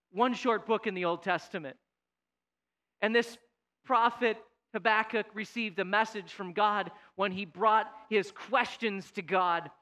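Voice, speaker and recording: A man preaching a sermon, swinging between loud, pleading outbursts and quiet, weighty emphasis. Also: high-pitched. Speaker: pastor.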